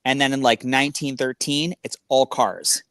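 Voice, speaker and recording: Man telling animated rambling stories. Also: mid-range voice, normal speed, smooth, no room sound, clean studio sound. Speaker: podcast guest. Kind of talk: casual conversation.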